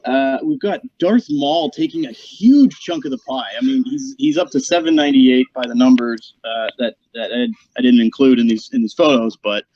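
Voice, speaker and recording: A man's voice: mid-range voice, moderate pace, hardly any pauses, darkish tone. Hesitant man on a dull lo-fi mic. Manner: hesitant, many fillers while reading stats. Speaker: co-host giving the meta report. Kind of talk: casual gaming commentary.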